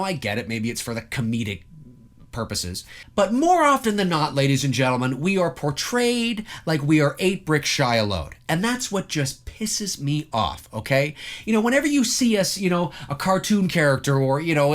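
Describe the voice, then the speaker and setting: A man in a vlogger's rant, talking straight to his viewers. His pitch leaps around as he gets worked up, and he fills gaps with ums and you-knows. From Toronto, Canada. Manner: animated, addresses viewers as folks, many fillers. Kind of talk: ranting monologue to camera.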